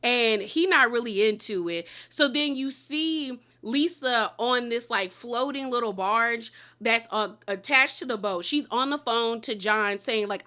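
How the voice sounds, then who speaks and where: A woman recaps a reality show episode in a casual, slangy way, animated and emphatic. Her voice sits a little high and sounds bright and forceful. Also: moderate pace.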